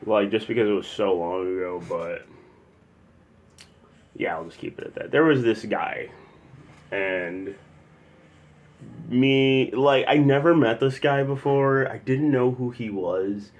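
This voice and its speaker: Low-voiced man telling a rambling story. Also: slow pace, long pauses, dull audio. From Chicago area. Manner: loose and rambling, many fillers, bursts of loud acted quotes. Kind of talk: casual spoken storytelling.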